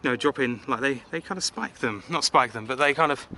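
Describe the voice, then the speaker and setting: This casual travel vlog has an English man wandering a city and talking off the cuff, self-deprecating and heavy on filler words. He speaks in a mid-range voice at a fairly quick clip, with a pushed, bright quality.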